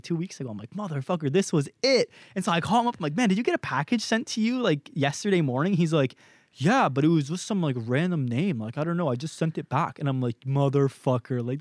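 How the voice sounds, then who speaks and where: A young Canadian man co-hosts a podcast, his voice on the high side and recorded at studio quality with no room sound. He tells a story loosely and profanely, animated as he acts out what other people said.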